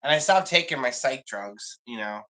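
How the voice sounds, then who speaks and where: A man's voice: medium pitch, lively intonation, moderate pace, bright, forceful tone, low-quality recording. A man chatting casually on a livestream, rambling and confiding in an emotional way.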